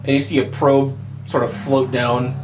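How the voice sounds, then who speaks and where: A man's voice: medium pitch, little pitch movement, normal speed, over music, rough recording. A man running a tabletop game as game master, narrating loosely with lots of fillers and laughs.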